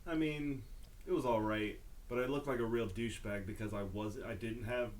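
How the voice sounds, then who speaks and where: A man's voice: medium pitch, moderate pace. A man with a mid-range voice chats easily on a podcast and laughs at himself. A faint hiss sits under the recording. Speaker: podcast co-host. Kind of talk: casual chat.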